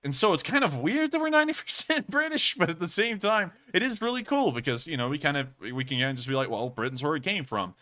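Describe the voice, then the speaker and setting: A man's voice: high voice, big pitch swings, quick pace, few pauses, pushed and bright. A man hosting a live stream, answering viewer questions in a chatty, rambling way and often correcting himself. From United States. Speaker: host.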